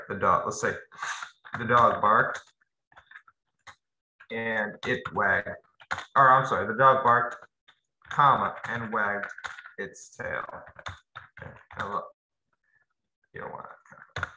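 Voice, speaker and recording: A man gives a laid-back grammar lesson in a very bright, sharp voice. He talks straight to his students in a loose, chatty way. The room is echoey, with a faint hiss behind him. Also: mid-range voice. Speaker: teacher. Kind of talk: casual classroom grammar lesson. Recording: roomy echo, faint noise.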